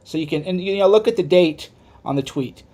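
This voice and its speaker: A man's voice: fairly quick, dark tone. Angry, profane male commentator. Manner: profane and heated, swings between raised outbursts and low muttered asides. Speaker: political commentator. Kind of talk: angry livestream rant.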